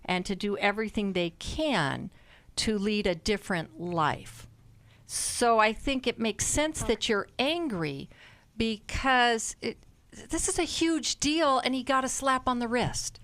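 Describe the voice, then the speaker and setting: A woman counsels a caller on an advice radio show, her voice smooth and resonant in a dry studio. She speaks slowly, with empathy and emphasis. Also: on the high side, animated, a bit bright, no room sound. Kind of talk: call-in advice talk.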